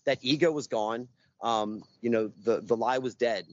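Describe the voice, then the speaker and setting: A man's voice: medium pitch, normal speed, dull audio. A man speaking outdoors as a guest, earnest and reflective, with many hesitations and restarts. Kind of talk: casual conversation.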